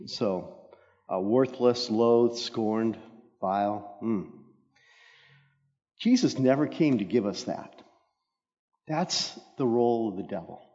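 A man moderating a church Q&A, reading out audience questions in a measured way. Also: medium pitch, expressive, dark tone. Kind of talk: church talk Q&A. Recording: echoey hall, dull lo-fi sound.

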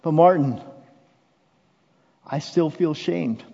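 A man preaching a sermon as pastor, shifting from hushed, intimate lines to loud, impassioned declarations. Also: a little high, slow pace, gravelly. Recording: dull sound with long hall reverb.

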